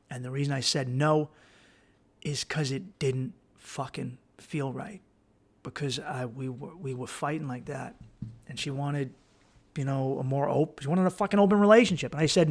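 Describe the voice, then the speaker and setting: Blunt, gravelly-voiced man host. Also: mid-range voice, fairly even intonation, moderate pace. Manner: blunt, profane, rambling with restarts. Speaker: podcast host. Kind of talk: casual advice monologue.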